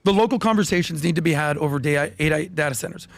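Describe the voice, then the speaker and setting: A man debates politics on a podcast panel, emphatic and quick to talk over the others. He fires off rhetorical questions at a fast clip. His voice is high and gravelly, recorded dry and close. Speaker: podcast guest.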